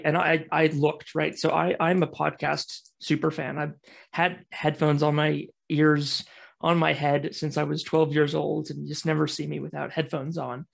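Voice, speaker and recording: A man's voice: fairly high pitch, gravelly. A man in his thirties with an American accent, giving a casual, enthusiastic talk as a guest speaker over a video call. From United States. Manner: chatty, self-deprecating, enthusiastic. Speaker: guest speaker, podcast network founder.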